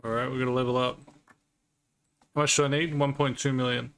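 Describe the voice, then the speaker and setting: A man's voice: mid-range voice, little pitch movement, a little fast, fairly bright tone, clear, resonant tone. A man streaming a card game live, chatting casually with viewers and swearing now and then. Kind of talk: live-stream gaming commentary.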